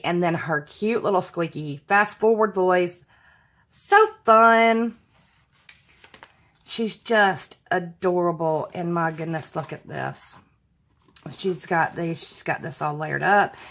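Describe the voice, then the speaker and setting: Gushing woman, slow and warm-hearted. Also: fairly low pitch. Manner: gushing, exclaiming often. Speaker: craft channel host. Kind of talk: casual unboxing vlog.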